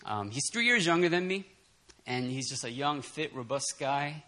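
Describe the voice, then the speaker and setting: A man delivers a laid-back, conversational sermon to a church prayer meeting, speaking at normal speed with a medium-pitched voice. Animated and quick to laugh, he uses lots of fillers and restarts his sentences.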